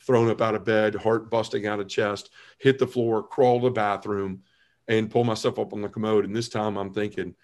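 With a lowish voice at ordinary speed, a man in his forties tells his conversion story on a podcast. He's earnest and animated, dramatizing the man he used to be.

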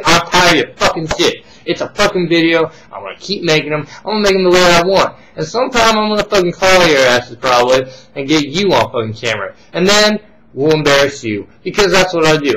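A young man rants into his webcam, swearing loudly and heatedly. His voice sits a little high for a man. The home webcam recording carries clear background noise. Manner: profane, loud, ranting. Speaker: vlogger. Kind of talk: angry webcam rant. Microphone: webcam close to face.

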